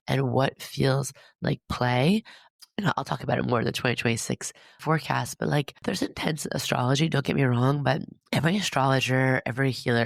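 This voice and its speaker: Gravelly, chatty man with heavy vocal fry. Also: mid-range voice, dry recording, studio quality. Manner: chatty, lots of fillers, upbeat and encouraging. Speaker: astrologer podcast host. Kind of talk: casual spoken forecast monologue.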